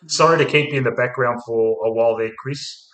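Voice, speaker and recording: A man's voice: medium pitch, moderate pace, a bit bright. Rambling Australian man in an echoey room. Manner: rambling, laughs often, says mate a lot. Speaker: stream host. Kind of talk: casual live-stream chat. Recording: roomy echo.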